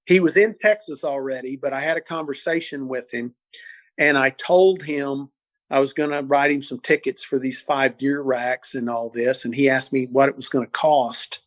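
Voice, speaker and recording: A man in his sixties, an interview guest recounting cases in an animated way, often repeating words as he goes. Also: mid-range voice, normal speed, no echo. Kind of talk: storytelling interview.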